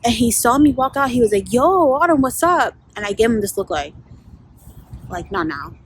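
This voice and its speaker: Woman, casual storytime vlog, outdoors, candid and profane, animated pitch, faint background noise. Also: brisk, poor audio. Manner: candid, profane storytelling with frequent fillers and laughs. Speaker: vlogger and life coach.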